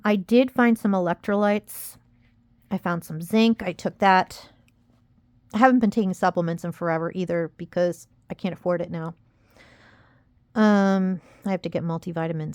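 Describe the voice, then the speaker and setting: A young woman rambles through a casual confessional vlog, frustrated with herself and close to tears as she warns her viewers. Her voice sits fairly low with a darkish tone, and there's no echo.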